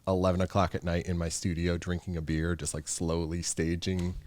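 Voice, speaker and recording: A man's voice: sits low, flat delivery, a little fast, a little mellow. A man talking as a photographer guest on a podcast, chatty, laughing often and acting out quotes. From United States. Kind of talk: casual podcast interview.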